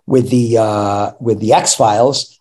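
A man who is an actor and a guest on an interview, telling animated, rambling anecdotes with laughter and restarts. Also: lowish voice, slow. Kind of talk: interview storytelling.

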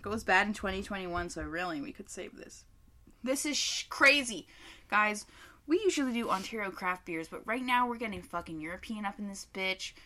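A woman's voice: medium pitch, animated, normal speed, sharp tone. A young woman, co-hosting a beer tasting show in casual, profane, joking chat. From Canada.

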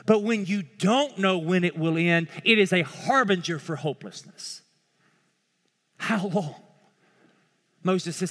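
A male pastor preaching a sermon with impassioned swings from loud pleading to hushed tones. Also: high voice, unhurried, big-room sound.

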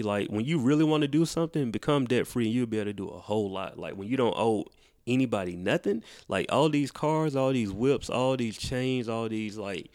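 A man's voice: medium pitch, a little mellow. A man co-hosting a podcast, making emphatic points in casual chat and repeating them for effect. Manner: emphatic, repeats points, laughs between lines. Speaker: podcast co-host.

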